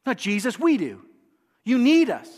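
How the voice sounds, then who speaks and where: A pastor putting on sneering tempting demons. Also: male voice, very high voice, moderate pace, in a large hall, pitched above the performer's own voice, exaggerated voice. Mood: taunting. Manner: taunting and mocking, then falsely flattering.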